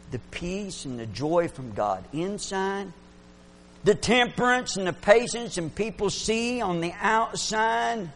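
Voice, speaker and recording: A man preaching a fervent sermon, swinging between loud exclamations and hushed asides. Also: high-pitched, a little hiss or hum.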